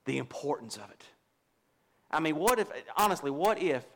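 A man's voice: on the high side, sing-song, moderate pace. A middle-aged man, a pastor preaching a folksy, confessional sermon and joking with his congregation. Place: church.

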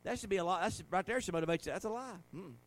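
A pastor with a high voice races through his sermon and then leads a prayer. He swings between loud exhortation and soft, earnest praying.

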